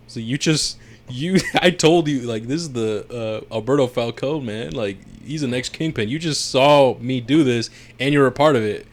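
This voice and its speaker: Laughing, animated male podcast co-host. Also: medium pitch, normal speed. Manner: animated, laughs often, acts out characters' lines. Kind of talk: casual recap chat.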